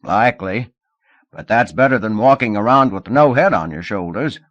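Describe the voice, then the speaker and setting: A man voicing a gruff, gossipy male police sergeant who speaks loudly and drags out his lines. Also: fairly low pitch, animated, dry recording, highs cut off. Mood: musing. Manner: loud, folksy, drawn-out lines.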